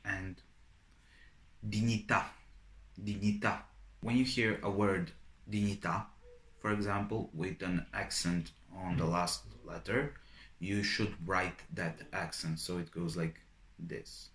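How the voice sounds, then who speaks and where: A male teacher gives a dictation lesson in a very low voice, saying each word slowly two or three times. His delivery is calm and deliberate. The room around him is noticeably echoey. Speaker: language teacher. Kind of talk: online language lesson.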